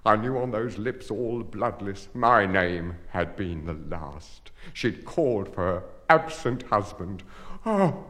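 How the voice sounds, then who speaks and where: A man giving a theatrical poetry recitation, swinging between hushed grief and angry outbursts. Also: medium pitch, big-room sound.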